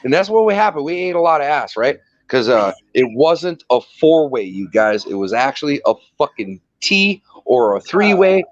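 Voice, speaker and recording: A man's voice: a little high, big pitch swings, normal speed, hardly any pauses, dry recording, muffled recording. A man telling a long rambling story in casual chat, swearing and laughing often.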